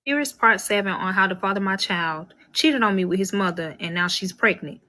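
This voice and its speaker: Young woman storyteller, bright tone, animated and profane, mid pitch. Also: a little fast. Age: young adult. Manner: profane, emphatic, animated, acts out quotes. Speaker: storyteller in a social media clip. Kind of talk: casual storytelling to viewers.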